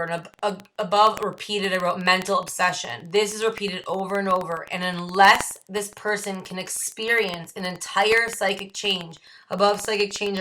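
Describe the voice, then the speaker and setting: A woman with a Midwestern American accent guides a book study with a bright, clear voice. She reads short passages aloud, then explains them in her own words. Key phrases get repeated slowly for weight. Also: mid-range voice, a little hiss or hum, poor audio. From United States. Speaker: study group leader. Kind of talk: reading and explaining a recovery text.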